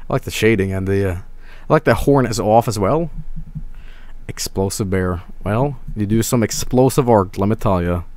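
Man, streamer, rambling, crude and sweary, lowish voice, dry close sound. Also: normal speed, darkish tone, no room sound. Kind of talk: casual stream commentary.

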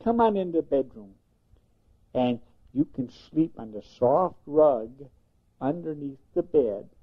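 An older man voicing a kind, gentle lady who takes in a stray kitty, in a soft coaxing manner. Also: mid-range voice, expressive, slow. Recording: tinny phone-like sound.

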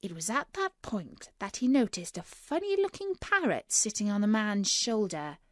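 A woman reading a children's story aloud clearly and expressively for English learners, on a close studio mic. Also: mid-range voice, sing-song, moderate pace, dry recording. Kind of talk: scripted storybook narration.

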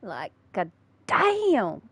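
A woman's voice: mid-range voice, wildly swooping pitch, extremely slow, a bit bright, slightly rough, no echo. A young woman streaming a horror game, chatting and teasing a friend, often laughing and breaking into sudden shrieks. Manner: giggly, teasing, bursts into shrieks. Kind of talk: live gaming commentary with a friend.

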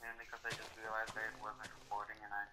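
A man's voice: on the low side, monotone, fast talker, over music, rough recording. A young man chatting while gaming, easygoing and a little hesitant. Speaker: co-player. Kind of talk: casual gaming chat.

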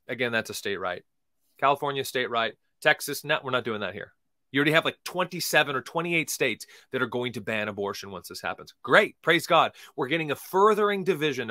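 A man hosting a podcast, giving emphatic, preachy commentary that swings between loud and quiet, and slowly reading scripture aloud. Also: a little high, no room sound, studio quality. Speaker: podcast host.

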